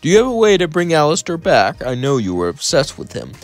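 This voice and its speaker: A man voicing a male demon overlord who speaks in a wary, halting way. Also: on the high side, huge pitch swings, voice pushed up.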